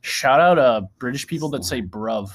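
A man's voice: medium pitch, animated, normal speed. A young man co-hosting a podcast in casual chat, joking and playful. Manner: joking, playful, breaks into bits and rap lyrics. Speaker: podcast co-host.

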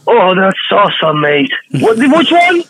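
A man's voice: high voice, sing-song, measured pace, a bit bright, breathy edge, low-quality recording. A man called in by phone as a guest, answering bluntly and swearing in casual chat. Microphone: phone call.

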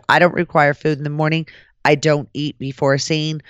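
A woman podcast host tells a story in casual chat, animated and profane, slipping into the voices of the people she quotes. She has a deep voice and talks a little fast, and the recording is dry with the highs cut off.

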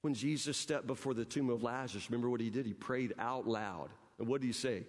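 In a church sanctuary with long hall reverb, a man preaches a sermon as pastor. His medium-pitched voice moves a little fast with hardly any pauses, emphatic yet conversational, often repeating words as he presses a point.

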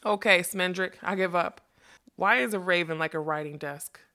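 A woman voicing a coarse, mocking male carnival brute with a gruff, taunting manner. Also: on the low side, lively intonation, normal speed, a bit bright, no echo, clean studio sound. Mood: teasing.

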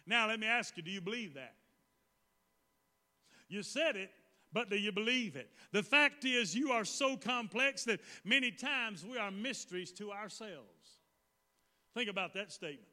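A man preaching a sermon to a congregation, repeating his lines and leading call-and-response, now and then rising to a shout. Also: extremely high pitch. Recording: long reverb of a hall.

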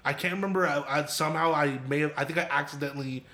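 A man's voice: fairly high pitch, racing, sharp tone. A young man on a podcast, telling a long story in rambling casual chat with many restarts and swearing. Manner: rambling storyteller who stammers and swears a lot. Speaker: podcast co-host.

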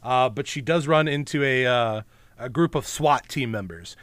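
A man's voice: mid-range voice, normal speed, fairly bright tone, dry recording. Wry joking man, dry close sound. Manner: wry, joking, laughs often. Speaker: podcast co-host. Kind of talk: casual movie recap chat.

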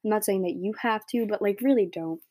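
Teen girl podcaster, blunt rambling rant, warm voice, dry close sound. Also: medium pitch, brisk, no echo. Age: teens. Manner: blunt, rambling, heavy filler words. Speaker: podcast host. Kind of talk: solo opinion rant.

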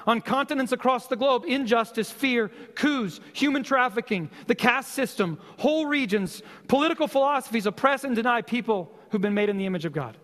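High-voiced impassioned male preacher. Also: fairly bright tone, in a large hall. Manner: impassioned, repetitive exhortation with slow emphatic stresses. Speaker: pastor. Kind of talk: sermon.

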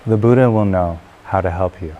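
A gentle elderly wise man offers reassuring advice, played by a storyteller. His voice is deep and low. A light hum of noise lies behind. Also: brisk, narrow, tinny audio, natural voice.

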